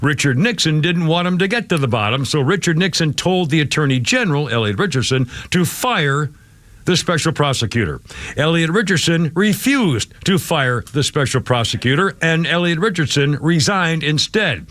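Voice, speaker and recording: A man's voice: fairly high pitch, lively intonation, normal speed, fairly bright tone, no room sound. A man in his seventies hosting a talk radio show, telling rambling stories with laughs and growing indignant. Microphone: studio microphone.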